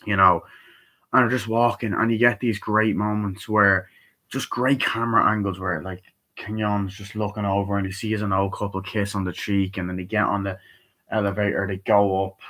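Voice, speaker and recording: A young man giving a casual, excitable film review, swearing often and acting out scenes in raised voices. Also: lowish voice, normal speed, rough recording. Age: young adult. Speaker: movie reviewer.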